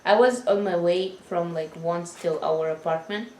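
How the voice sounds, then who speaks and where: A young woman chatting casually with her roommates, pausing and searching for words and laughing often. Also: lowish voice, a little mellow, echoey room, rough recording. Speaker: vlog co-host, roommate. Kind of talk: casual chat.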